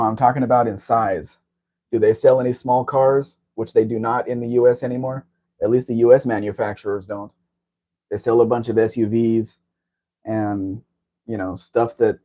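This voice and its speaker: A man hosting a casual livestream chat, talking in a rambling, chatty way. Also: on the low side. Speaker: livestream host. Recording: dull lo-fi stream audio.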